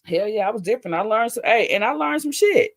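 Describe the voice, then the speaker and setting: A woman's voice: a little high, lively intonation, fast, no echo, clean studio sound. Blunt, profane middle-aged woman streamer. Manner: blunt, profane, laughing storyteller. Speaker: livestream host. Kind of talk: casual livestream chat.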